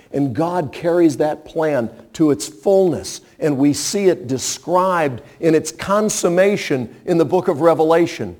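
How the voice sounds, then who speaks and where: High-voiced man preaching a sermon. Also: darkish tone. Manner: emphatic, with rhetorical questions.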